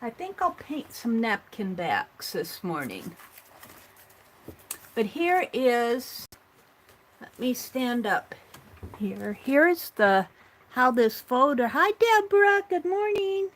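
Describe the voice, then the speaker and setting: During a morning art livestream, this woman works at her craft table and chats casually to herself and those watching. Her voice is on the high side and a bit bright, very animated but slow, with long pauses.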